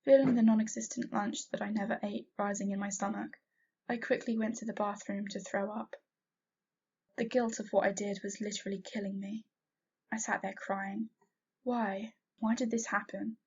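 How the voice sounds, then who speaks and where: A woman reading a first-person fanfiction story aloud, in a soft, unhurried way that drops quiet at sad moments. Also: medium pitch, level tone, gravelly, breathy edge, lo-fi sound. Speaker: fanfiction reader.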